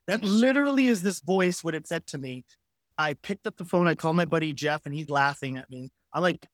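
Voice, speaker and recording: A man in his forties, a guest telling a personal story with frank, animated and casually profane talk. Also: a little high, brisk, no room sound, clean studio sound. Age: 40s. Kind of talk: candid storytelling in conversation.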